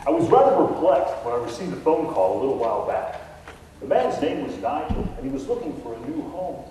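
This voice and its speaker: A man telling a comic tall tale as a contest speech, in a deadpan storytelling manner. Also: fairly high pitch, brisk, a little hiss or hum. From Texas. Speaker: contest speaker. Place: contest stage in a hall. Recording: echoey hall from far off.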